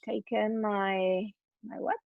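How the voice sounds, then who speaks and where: A woman's voice: mid-range voice, level tone, slow, creaky, no room sound, narrow, tinny audio. A woman studying English, working through grammar practice aloud, hesitating and correcting herself. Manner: hesitant, self-correcting, repeats words while thinking. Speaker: English student.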